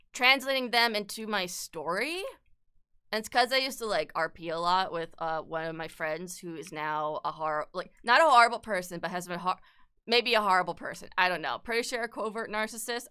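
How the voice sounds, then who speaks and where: A woman's voice: fairly low pitch, pushed and bright, clear, resonant tone. A young woman chatting casually as an art streamer while she sketches, rambling, swearing a lot and laughing often.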